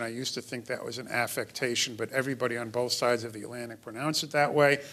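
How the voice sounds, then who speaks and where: A man's voice: medium pitch, fairly bright tone. A middle-aged man giving a lecture in a hall as a pediatrician, explanatory with wry asides. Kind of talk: lecture to an audience.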